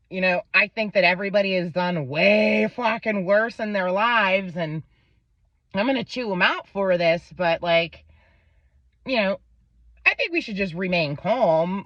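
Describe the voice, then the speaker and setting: A woman's voice: mid-range voice, measured pace, no room sound. A woman in her thirties from Pennsylvania, casually telling a profane story about her kid and acting out the people in it. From Pennsylvania, USA. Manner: profane, animated retelling with quoted voices. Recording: dull lo-fi dry recording.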